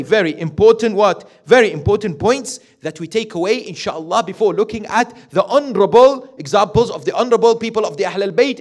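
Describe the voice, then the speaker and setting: A male preacher giving a lecture, his voice sitting a little high and swinging widely up and down. He questions his listeners and voices the parents he describes. Quick Arabic recitations come between his English points. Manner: animated, asks the audience questions and acts out quoted parents. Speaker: sheikh giving a Muharram lecture. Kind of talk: sermon.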